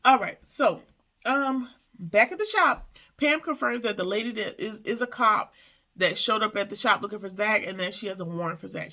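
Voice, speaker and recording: A woman's voice: medium pitch, vocal fry, sharp tone. A woman recapping a TV episode in casual commentary, sassy and talking back to the characters. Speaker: TV show reviewer.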